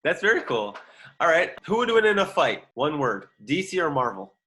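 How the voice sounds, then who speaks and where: A man hosting an interview, firing off quick quiz questions in a brisk, upbeat way. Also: on the high side, very animated, sharp tone. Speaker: interview host. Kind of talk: rapid-fire quiz questions.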